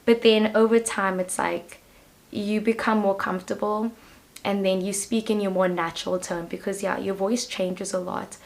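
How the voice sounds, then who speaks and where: A woman's voice: medium pitch, steady tone, normal speed, creaky. Chatty woman giving a tarot reading. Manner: chatty, hesitant, full of fillers. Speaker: tarot reader. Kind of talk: casual pick-a-card tarot reading.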